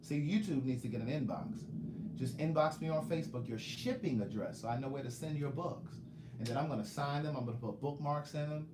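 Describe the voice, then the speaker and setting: A man's voice: fairly high pitch, brisk, echoey room, background noise. A man author chatting casually on a live stream, telling stories and teasing his viewers. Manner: animated storytelling, joking, teasing viewers.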